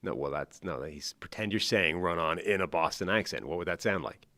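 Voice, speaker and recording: Man, very deep voice, dry close studio sound, casual sports chat co-host, loose talker with restarts. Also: animated, fairly quick, pushed and bright, no echo. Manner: thinks aloud with restarts and fillers. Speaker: podcast co-host.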